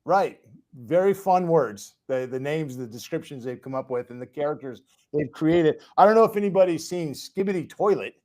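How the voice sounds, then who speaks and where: A man's voice: fairly high pitch, lively intonation, normal speed, a little mellow. Easygoing male podcast host. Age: parent of children. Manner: rambling, with many fillers and restarts. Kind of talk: casual chat.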